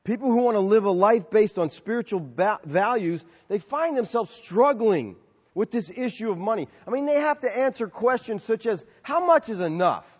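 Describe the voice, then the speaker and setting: A pastor delivering a conversational sermon to his congregation, telling stories and sometimes acting out shouted lines. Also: high voice, lively intonation, normal speed, breathy edge. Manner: conversational, storytelling with acted-out shouts. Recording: dull, lo-fi audio with long hall reverb.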